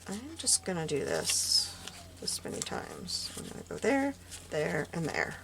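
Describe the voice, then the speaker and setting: A woman's voice: deep voice, huge pitch swings, normal speed. A woman losing her voice, musing aloud and often dropping to a murmur while she walks through a craft project at home. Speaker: craft vlogger. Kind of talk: casual crafting walkthrough. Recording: clear background noise.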